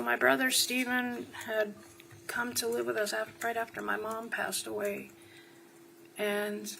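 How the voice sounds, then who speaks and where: A woman's voice: medium pitch, vocal fry, pushed and bright, slight background noise, poor audio. A woman from New Jersey testifying as a witness in a courtroom, giving short answers and then rambling through long stories.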